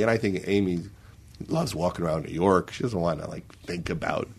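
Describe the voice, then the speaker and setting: A man telling comic anecdotes in a casual podcast chat as a guest, jumping into high, exasperated voices as he acts out his stories. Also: a little fast, vocal fry, husky.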